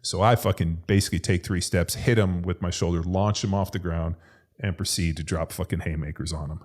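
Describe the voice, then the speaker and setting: A man with a very low voice tells a story in casual podcast chat. He swears constantly and talks in an animated way. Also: brisk. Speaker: podcast co-host, former NFL lineman.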